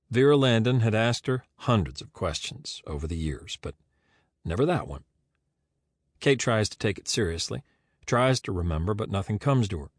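A man reads the narration of a crime novel in a measured, storytelling manner. His pitch moves freely and expressively. The recording is close and entirely dry. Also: animated, dry recording. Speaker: audiobook narrator. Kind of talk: scripted narration.

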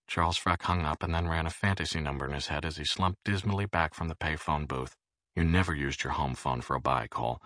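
A man reading an audiobook in a measured, expressive way. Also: very deep voice, no room sound, clean studio sound. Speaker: audiobook narrator. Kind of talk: scripted audiobook narration.

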